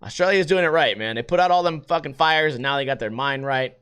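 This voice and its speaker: A man's voice: on the high side, fast talker, fairly bright tone, clean tone. A man hosting a casual solo livestream podcast, rambling sarcastically and swearing freely. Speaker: podcast host.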